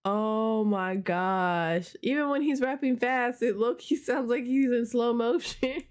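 A woman's voice: on the high side, a little slow, few pauses. A woman hosting a casual reaction video, talking in a chatty, slangy, upbeat way.

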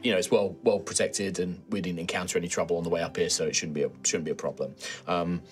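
A man's voice: low-pitched, steady tone, fast, soft background music, pitched below the performer's own voice, lightly acted. A man doing a flustered army sergeant. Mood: reassuring. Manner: stammering, rambling, jokey. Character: nervous, chatty middle-aged male soldier sergeant.

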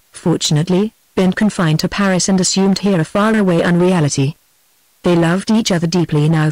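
A woman's voice: on the low side, dry recording, rough recording. A synthetic woman's voice with a British English accent, steadily reading a novel aloud as audiobook narration. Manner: even, steady machine reading.

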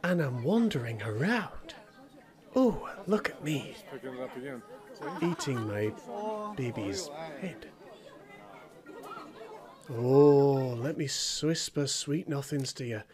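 A man voicing a lazy, greedy male bear in a comic voice-over, murmuring low and drowsy about food and naps. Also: lively intonation, slow pace, long pauses, crowd noise. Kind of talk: comic voice-over of animal footage.

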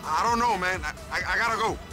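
An actor playing a loyal, wary young bodyguard in a video game, talking in casual street slang. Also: male voice, high voice, quick pace, close to an everyday voice. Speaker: game character. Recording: game audio under loud music.

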